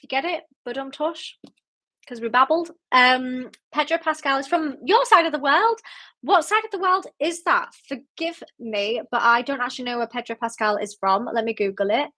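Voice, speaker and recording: Woman, book club host, casual livestream chat, rambling, giggly, fairly high voice. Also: normal speed, bright, forceful tone. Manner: chatty, giggly, rambling with many fillers.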